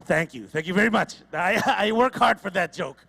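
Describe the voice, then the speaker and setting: A man's voice: high voice, animated, moderate pace, vocal fry, pushed and bright, slightly rough, big-room sound. A man from Indonesia doing a stand-up comedy set on a ballroom stage, chatty and teasing the audience.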